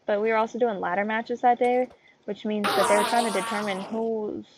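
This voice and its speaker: A woman's voice: mid-range voice, steady tone, brisk. A teenage girl in a casual rant, rambling through a story with many fillers and tangents. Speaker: vlogger. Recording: loud background noise and clicks.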